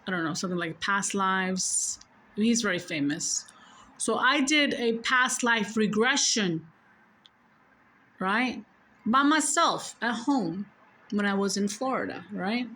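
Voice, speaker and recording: A woman's voice: on the high side, sharp tone, poor audio. A woman telling a personal story in a casual, rambling way, correcting herself often and swearing freely.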